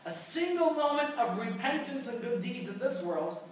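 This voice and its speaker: Speaking at normal speed in a very high, sing-song voice, a rabbi teaches a conversational Torah class full of jokes and rhetorical questions for his listeners. The recording has a little hiss or hum, a very echoey room, and a far-off mic.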